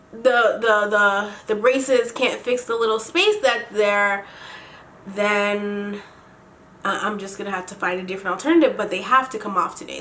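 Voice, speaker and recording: A woman's voice: on the high side, bright, forceful tone. A young woman from Canada telling a storytime vlog, profane and dramatic, ranting with plenty of swearing. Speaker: vlogger.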